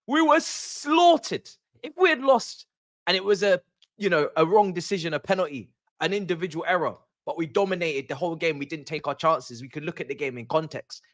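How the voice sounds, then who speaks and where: Animated young man ranting on a stream. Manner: animated, repetitive ranting with swings from low grumble to high outburst. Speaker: streamer hosting a football watch-along. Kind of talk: casual live-stream rant.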